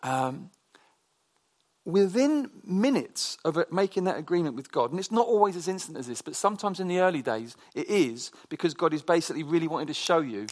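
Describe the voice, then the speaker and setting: A man preaching a conversational sermon, telling personal stories in a chatty, animated way with frequent restarts. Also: on the high side, a little fast.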